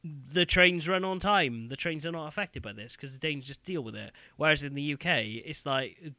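A man's voice: fairly high pitch, normal speed, no echo. A British man co-hosting a podcast, chatting casually and ranting with lots of fillers. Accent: British English. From United Kingdom. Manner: animated, ranting, many fillers. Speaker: podcast co-host. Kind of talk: casual chat.

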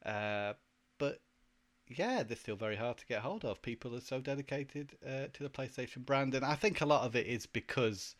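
A man's voice: medium pitch, animated, moderate pace. A man co-hosting a podcast, talking through ideas in a casual, hesitant way with many fillers. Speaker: podcast co-host. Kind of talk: casual chat.

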